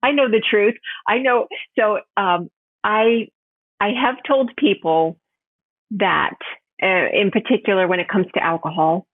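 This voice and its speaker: A woman from New York, a health coach guest chatting in a podcast interview, animated and laughing often, jumping high in pitch when quoting people. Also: no echo. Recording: tinny phone-line sound.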